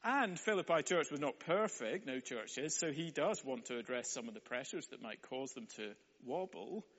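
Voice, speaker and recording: A man's voice: medium pitch, animated, moderate pace, fairly bright tone, slightly rough. A man preaching a sermon in a wry, conversational way. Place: church hall. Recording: echoey hall, dull sound.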